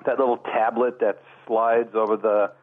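A playful male weather forecaster who rambles through his banter with little stumbles. He comes in on a narrow, tinny phone line. His voice sits at an ordinary pitch. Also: flat delivery, normal speed. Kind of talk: casual on-air banter.

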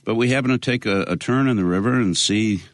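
A man being interviewed, speaking in a measured way with many pauses and fillers. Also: fairly low pitch, no room sound, studio quality. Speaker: interview guest, local activist. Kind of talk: conversational interview.

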